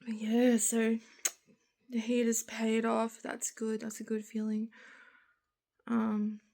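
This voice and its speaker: A woman's voice: a little high, monotone, slow, gravelly, warm tone. A young Australian woman chatting frankly in a vlog, tired and groggy, rambling in long run-on sentences. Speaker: vlogger. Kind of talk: casual chat.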